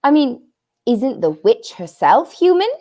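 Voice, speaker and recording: A woman's voice: a little high, very animated, unhurried, mellow, pitched above the performer's own voice. A woman voicing an earnest young boy in a storybook, speaking sincerely and questioningly. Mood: puzzled.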